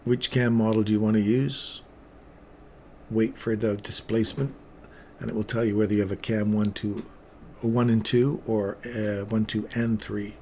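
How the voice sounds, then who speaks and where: Low-voiced chatty male stream host. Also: level tone, moderate pace, darkish tone, slight background noise. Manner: rambling, chatty, drifting between topics; playful asides to the viewers. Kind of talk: live trading commentary.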